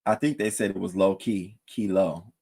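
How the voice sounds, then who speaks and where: A man streamer chatting casually over breakfast, telling gossip with swearing and a voice that climbs high when he gets worked up. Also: steady tone, normal speed, vocal fry, dark tone. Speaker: streamer recapping live streams.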